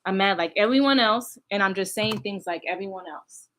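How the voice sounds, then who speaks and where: A woman's voice: medium pitch, a little fast, a bit bright, slight background noise. Young woman, candid reaction commentary, addresses the viewers directly, laughs easily.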